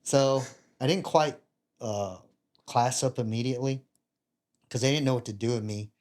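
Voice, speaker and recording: A man in his fifties, a retired Navy chief and podcast guest, telling casual stories with animated, self-mocking humor and acting out other people's lines. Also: medium pitch, normal speed. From United States. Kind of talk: casual storytelling.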